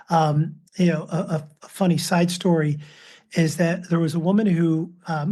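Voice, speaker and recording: Speaking with a mellow voice that leans high, this fiftysomething dad and writer tells stories during a laid-back podcast chat. He performs the quoted voices as he recounts each anecdote.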